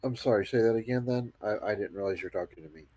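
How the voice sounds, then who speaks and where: A man playing in an online tabletop game, apologetic and quick to say sorry. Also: on the low side, darkish tone, no echo. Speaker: player. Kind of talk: casual chat during a tabletop game.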